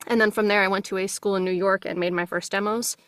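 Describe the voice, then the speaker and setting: A young woman from New Jersey with a subtle New Jersey accent, a voice actress chatting casually as an interview guest from her home closet studio, friendly and quick to laugh. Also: medium pitch, steady tone, fairly bright tone, clear, resonant tone, no room sound.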